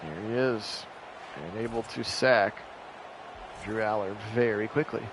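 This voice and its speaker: A man calling a simulated football game on his own, jumping up loud on big plays and chatting with viewers in between. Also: lowish voice, unhurried, noisy background. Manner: rises sharply and loud for big plays, chatty asides to live chat. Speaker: play-by-play host of video game sims. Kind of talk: solo play-by-play commentary on a simulated game.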